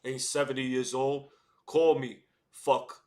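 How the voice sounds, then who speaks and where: A man putting on a trash-talking male boxer with a Brooklyn accent, low and muffled. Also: flat delivery, takes it slowly, darkish tone, close to an everyday voice. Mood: taunting.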